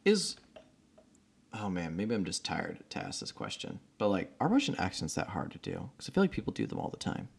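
Low-voiced man in laid-back podcast chat. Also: fairly quick, vocal fry. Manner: relaxed, rambling asides, laughs. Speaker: podcast co-host. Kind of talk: casual chat.

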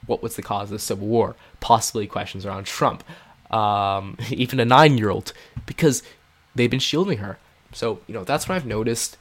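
A man telling a first-person story in a casual, earnest way, with many fillers and restarts. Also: fairly low pitch. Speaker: podcast host.

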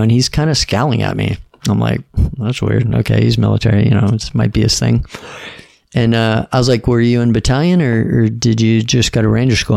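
A middle-aged man, a podcast guest, telling stories in a relaxed, casual way and quoting other people's lines. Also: medium pitch, vocal fry, no room sound, studio quality. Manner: laid-back storyteller, quotes others in dialogue. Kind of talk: casual storytelling.

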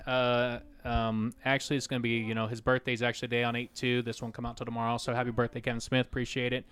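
A man's voice: medium pitch, completely flat delivery, fast talker, hardly any pauses, fairly bright tone, clear, resonant tone, dry recording. A man from Oklahoma with a drawl, co-hosting a casual podcast with crude, easygoing jokes. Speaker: podcast co-host.

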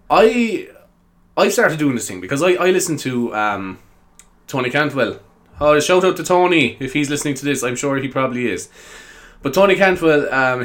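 A man's voice: medium pitch, a bit bright. A young Irish man hosting a solo podcast, chatting casually in a rambling, easily sidetracked way and giggling a lot. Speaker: podcast host.

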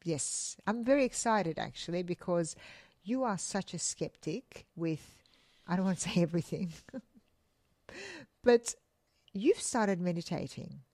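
A woman's voice: lowish voice, very animated, a little slow, long pauses, a little mellow, no echo. A woman co-hosting a podcast, chatting in an upbeat way and laughing easily. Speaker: podcast co-host. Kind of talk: casual chat.

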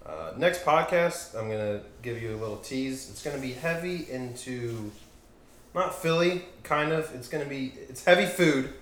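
A man's voice: mid-range voice, animated, normal speed, fairly bright tone. A man hosting a casual podcast with a friend, rambling and correcting himself as he jokes around. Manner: rambling, self-correcting, joking. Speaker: podcast host. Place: home room with dogs nearby. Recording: echoey room with faint noise.

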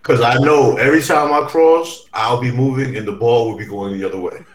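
A man co-hosting a podcast, chatting casually with measured, reflective remarks. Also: medium pitch. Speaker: podcast co-host. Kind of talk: casual chat. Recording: roomy echo.

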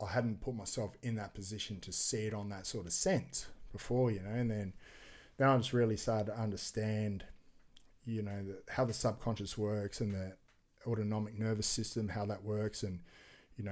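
With a fairly low pitch, a man on a podcast, an extreme sports athlete, recounts a story in a loose, animated style. He does voices for the people he quotes and swears freely throughout.

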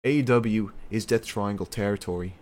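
A man's voice: lowish voice, moderate pace, darkish tone, close to an everyday voice. A man doing a menacing wrestler's threat.

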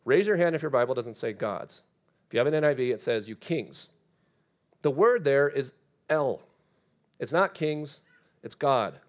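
Pastor, male, mid-range voice; preaches with animated emphasis, reads passages aloud. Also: mid-range voice, measured pace, long pauses. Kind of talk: sermon.

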